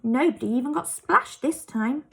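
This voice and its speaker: Bubbly storybook girl, high and amused, put on by a woman reader. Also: normal speed, vocal fry, fairly bright tone. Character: cheerful young girl.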